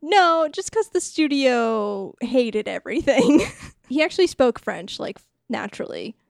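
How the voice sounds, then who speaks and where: Giggly woman recapping a film, slow and lively. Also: on the high side, vocal fry, dry recording, clean studio sound. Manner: giggly, playful, acts out quotes. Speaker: podcast co-host. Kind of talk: casual chat retelling a movie plot.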